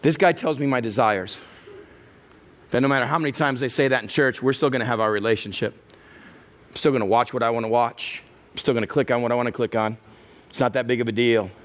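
A middle-aged male pastor preaching a sermon, acting out the inner voices he hears and building to a loud, passionate close. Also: mid-range voice, fairly even intonation, fast.

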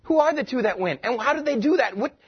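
A male pastor preaching a sermon, animated, slipping into quick voices to act out the people in his stories. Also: very high voice, breathy edge, lo-fi sound. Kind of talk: sermon with comic retelling.

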